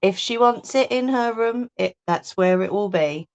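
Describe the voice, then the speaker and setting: Slow-talking chatty woman crafter. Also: mid-range voice, darkish tone. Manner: chatty, answers viewer comments aloud. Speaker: crafting livestream host. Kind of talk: casual live chat while crafting. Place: home craft room, indoors. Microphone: phone or webcam on a livestream.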